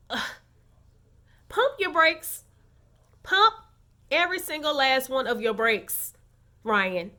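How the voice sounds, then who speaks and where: Sassy high-voiced woman vlogger. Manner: sassy, animated commentary. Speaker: recap vlogger. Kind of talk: casual reality-show recap.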